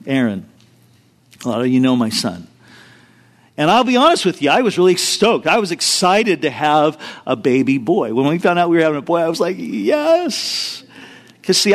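Emphatic higher-voiced man preaching. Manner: earnest, emphatic preaching with personal stories. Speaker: pastor. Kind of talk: sermon.

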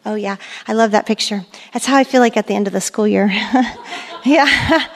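A woman's voice: on the high side, moderate pace. A middle-aged woman giving a sermon at a women's church gathering, conversational and emphatic, repeating her key phrases. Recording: long hall reverb.

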